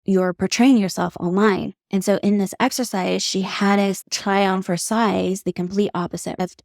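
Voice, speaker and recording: A woman's voice: mid-range voice, fairly even intonation, normal speed, vocal fry, darkish tone, no room sound. Candid woman podcaster, dry close sound. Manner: candid, heartfelt storytelling with casual swearing. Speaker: podcast host, beauty artist. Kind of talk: solo podcast monologue.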